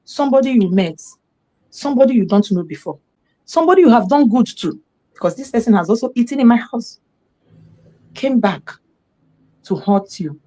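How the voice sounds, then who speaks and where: Animated Nigerian woman telling a story. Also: a little high, normal speed, long pauses, low-quality recording. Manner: animated storytelling, acting out dialogue. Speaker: storyteller sharing a personal account. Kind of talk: impassioned personal testimony.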